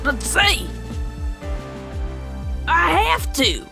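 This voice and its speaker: A woman's voice: very high voice, very animated, very slow, vocal fry, pushed and bright, soft background music, exaggerated voice. A woman voicing a plucky young female adventurer, playful and bold, in a tabletop game.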